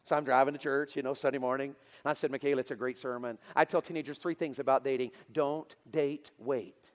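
A pastor telling a story in a sermon to teenagers, getting louder and more excited as he goes. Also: mid-range voice, fast talker, big-room sound. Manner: animated, builds to loud excited preaching.

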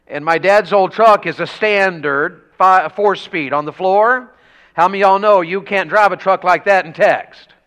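A man preaching a revival sermon in a church, telling folksy country stories and rising to shouts. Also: high-pitched, moderate pace. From rural Tennessee.

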